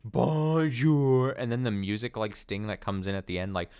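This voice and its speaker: A man's voice: on the low side, steady tone, fast talker, clean tone. A man giving casual gameplay commentary while reading through a story game, rambling, swearing and poking fun at himself. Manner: swearing, self-deprecating, rambling. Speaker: let's player.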